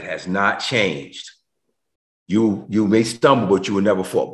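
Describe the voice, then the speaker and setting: A man preaching a sermon as pastor over a video call, emotional, swinging between shouted questions and low, quiet lines. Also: a little slow, echoey room.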